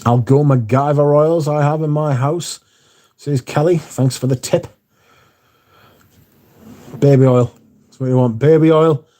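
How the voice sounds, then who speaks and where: A man's voice: fairly high pitch, steady tone, normal speed, mellow. A man hosting a casual livestream, reading viewer comments aloud and answering them, swearing casually. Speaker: livestream host reading chat.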